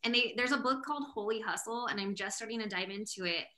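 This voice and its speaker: A woman's voice: medium pitch, fast talker, pushed and bright. A woman hosting a podcast, talkative and passionate, speaking openly in a casual interview chat. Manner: passionate, outspoken. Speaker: podcast host.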